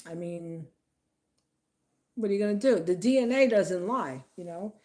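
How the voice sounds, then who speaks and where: A woman's voice: on the low side, a little slow. Chatty woman telling family stories. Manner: chatty, laughing, acts out quotes in lively voices. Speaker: vlogger. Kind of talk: casual storytelling monologue.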